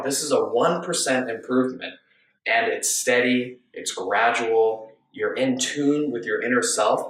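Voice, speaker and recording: Male coach, calm musing delivery full of questions, roomy echo, sits back from the mic. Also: medium pitch, slight background noise. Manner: gentle, musing, rhetorical questions. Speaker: mindful eating coach. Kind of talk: reflective self-help talk. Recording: echoey room, distant from mic.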